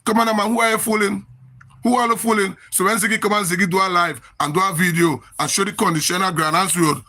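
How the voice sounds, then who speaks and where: A man's voice: high-pitched, fairly quick, sharp tone. A man with a Grenadian accent ranting on a live social media stream, emphatic and repetitive, sounding exasperated.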